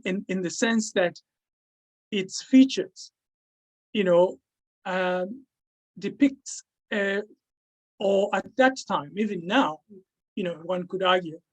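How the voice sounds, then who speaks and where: Halting man giving an academic talk. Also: high voice, rough recording. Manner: halting, with many repeated words and restarts. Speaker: author presenting his book. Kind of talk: academic presentation.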